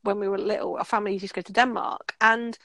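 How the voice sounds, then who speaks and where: A woman co-hosting a casual chat, telling anecdotes in an animated way, acting out what people said and laughing often. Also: medium pitch, fast, dry recording. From Britain. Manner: animated storyteller, acts out quoted voices, laughs often. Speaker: podcast co-host.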